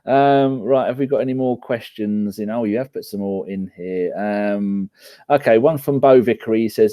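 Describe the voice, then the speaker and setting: A man's voice: fairly low pitch, moderate pace, dark tone, dry recording. A man hosting a football podcast, joking and teasing as he puts questions to the others. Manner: jokey, teasing, question-asking. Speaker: podcast host. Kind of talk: casual chat.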